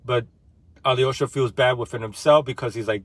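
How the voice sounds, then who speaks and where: A man's voice: mid-range voice, moderate pace. A young man casually retelling a novel, loose and slangy, with lots of fillers and some swearing. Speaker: book discussion vlogger.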